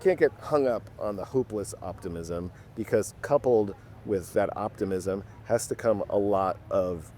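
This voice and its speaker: A man co-hosting a podcast, chatting casually on a winter street and thinking out loud. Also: lowish voice, moderate pace, few pauses, slight background noise. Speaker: podcast co-host. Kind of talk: casual outdoor chat. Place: outdoors on a city street in winter.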